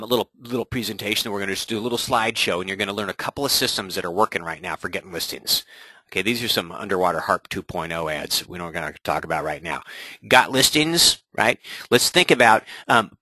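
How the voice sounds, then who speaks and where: A man coaching real estate agents in a webinar, energetic and often checking in with "right?". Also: deep voice, brisk, dry recording, poor audio. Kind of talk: webinar presentation.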